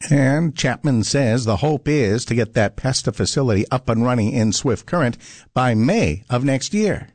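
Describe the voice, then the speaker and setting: A man's voice: medium pitch, moderate pace, no echo. A man hosting a morning radio show, reading farm news and chatting in an upbeat way. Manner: upbeat, lively delivery. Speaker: radio host.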